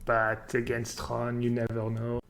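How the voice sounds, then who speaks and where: Young guy streaming a card game, french is his first language, talks slow and laid back, lots of uhs. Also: mid-range voice, gravelly, a little hiss or hum. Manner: relaxed, thinking aloud with many pauses and fillers. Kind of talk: casual live-stream commentary.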